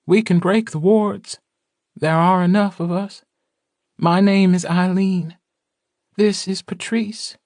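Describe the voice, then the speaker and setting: A male audiobook narrator voicing a shrill, urgent female witch begging to be let through. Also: steady tone, takes it slowly, pauses often, darkish tone, dry recording, studio quality. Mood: pleading. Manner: urgent, pleading.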